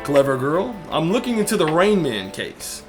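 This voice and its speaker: A man doing a grim raspy detective. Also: on the high side, sing-song, moderate pace, over music. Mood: ominous. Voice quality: raspy southern put-on. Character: male detective, grim and probing.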